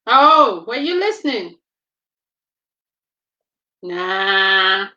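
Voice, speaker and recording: A woman hosting a children's reading show over a video call, briskly questioning and coaxing the young readers like a teacher. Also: mid-range voice, sing-song, pushed and bright, echoey room, lo-fi sound. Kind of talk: casual chat quizzing children.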